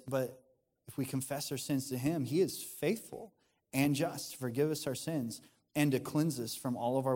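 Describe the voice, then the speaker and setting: A pastor preaches in an earnest, conversational way, often stopping and starting his sentences as he thinks aloud. His voice sits at an ordinary middle pitch for a man. The sound carries the long reverb of a church hall. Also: a little mellow. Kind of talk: sermon.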